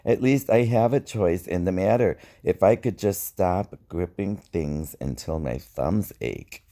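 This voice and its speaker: A man reading his own spoken-word poetry in a slow, wry, reflective way. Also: deep voice, warm tone. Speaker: poet.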